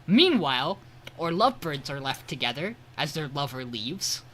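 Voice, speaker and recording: Podcast co-host, male, bright tone, lively storyteller who swears, faint noise underneath. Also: a little high, moderate pace. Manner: animated retelling, swears, quotes characters. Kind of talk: casual episode recap.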